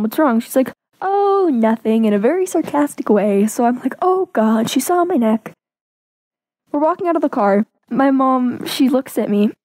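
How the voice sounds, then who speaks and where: A woman from Canada tells a personal story in a casual, chatty way, acting out each quoted line. Her voice sits a little high and sounds mellow. The recording is dry and close. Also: no echo. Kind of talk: personal anecdote narration.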